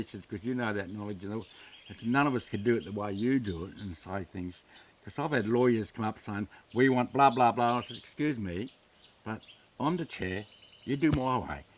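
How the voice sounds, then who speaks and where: A man's voice: fairly low pitch, recorded from a distance. A man in his seventies with an Australian accent, plainly telling his story in a documentary interview and acting out past arguments with reported speech. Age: 70s. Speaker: interviewee, community chair.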